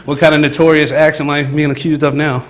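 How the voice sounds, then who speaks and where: A man's voice: fairly high pitch, flat delivery, quick pace. A man, a comedian from Virginia, chatting casually as an interview guest, telling stories with a laugh and acting out what others said. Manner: easygoing storyteller, laughs often, acts out quotes.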